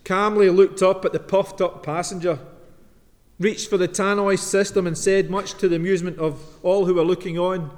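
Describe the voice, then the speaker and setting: High-voiced minister preaching. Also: male voice, little pitch movement, darkish tone. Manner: storytelling with dramatic pauses. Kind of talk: sermon with Bible reading. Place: church. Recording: long reverb of a church.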